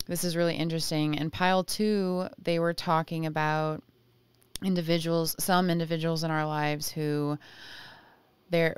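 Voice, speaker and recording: Slow, low-voiced woman giving a tarot reading. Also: smooth, no echo. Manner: chatty, searching for words, many fillers. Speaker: tarot reader. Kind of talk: casual intuitive reading to camera.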